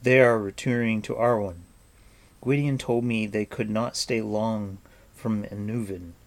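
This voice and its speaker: A man voicing an earnest, protective young man in a measured, plain tone. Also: lowish voice, steady tone.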